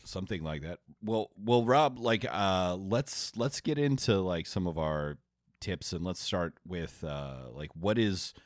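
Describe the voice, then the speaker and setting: In clean studio sound with no room echo, a man co-hosts a casual tabletop gaming podcast. His low-pitched voice is expressive and unhurried as he asks questions and steers the conversation.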